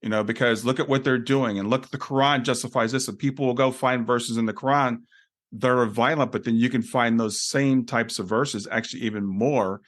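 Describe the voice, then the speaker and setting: A man's voice: mid-range voice, steady tone, brisk, a bit bright. A man hosting an interview podcast, speaking earnestly and thinking aloud. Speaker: podcast host. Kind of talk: casual conversation.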